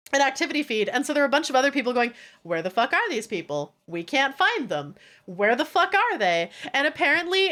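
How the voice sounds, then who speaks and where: A woman's voice: high voice, a bit bright. A woman streamer telling a story in a casual, exasperated, profane way.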